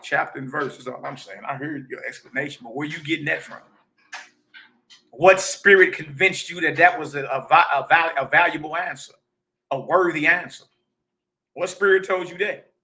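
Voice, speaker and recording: Speaking straight to his audience, a commentator delivers emphatic, preachy remarks on a video clip. He has a pushed, bright voice on the high side at a normal speed, and the recording quality is low.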